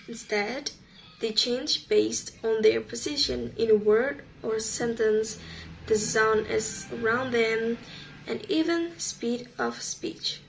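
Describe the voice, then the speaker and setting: Slow, gravelly-voiced woman presenting. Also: fairly high pitch, slight background noise, low-quality recording. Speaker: student presenter. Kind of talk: reading a class presentation.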